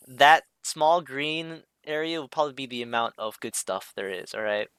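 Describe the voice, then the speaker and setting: Bright-voiced man rambling with fillers. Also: medium pitch, normal speed, clean tone, no echo. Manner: hesitant, many fillers and restarts, self-interrupting. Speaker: streamer explaining a drawing. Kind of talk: casual rambling commentary over a drawing.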